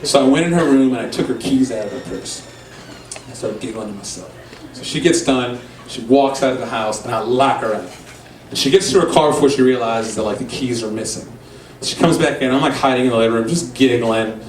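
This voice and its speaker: A stand-up comedian from Louisiana, telling crude, animated stories on a bar stage before a live audience. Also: male voice, mid-range voice, brisk, a little hiss or hum. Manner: animated, crude, filler-heavy delivery. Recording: echoey room, far mic, audience.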